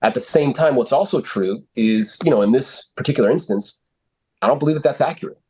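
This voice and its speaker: A man's voice: mid-range voice, fairly quick, a little mellow, slightly rough. A man coaching real estate agents on sales calls, blunt and confident, swearing freely and using lots of fillers.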